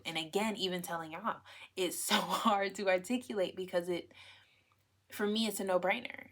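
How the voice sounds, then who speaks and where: A woman's voice: fairly low pitch, a bit bright. A young adult woman hosting a podcast, talking in a casual, emphatic way and often checking in with "right?" and "okay?". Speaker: podcast host. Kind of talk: casual solo podcast talk.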